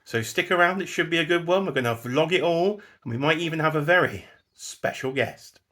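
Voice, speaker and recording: An English man hosts a casual road-trip vlog, offering chatty, wry running commentary first from a car and then outdoors. His voice is a little high and fairly quick, with no room sound but loud road and traffic noise.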